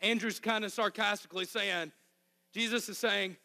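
Arkansas-accented male pastor, high and bright, preaching with passion in a reverberant hall. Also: steady tone, normal speed. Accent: Arkansas Southern US. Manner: impassioned, emphatic repetition. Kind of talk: sermon.

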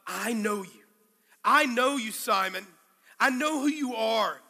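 A pastor voicing a calm, gentle teacher who speaks softly and warmly to one man. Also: extremely high pitch, takes it slowly, big-room sound, heavily acted.

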